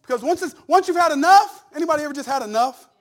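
Middle-aged male pastor, high-pitched, sermon delivery with humor and big dynamic swings. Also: fast. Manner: animated preaching that swings from soft asides to shouted climaxes; humorous, folksy storytelling with laughs.

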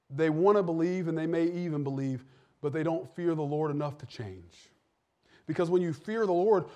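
A man's voice: sits high, darkish tone. A man preaching a sermon in a conversational way, asking the listeners rhetorical questions and repeating words as he builds each point.

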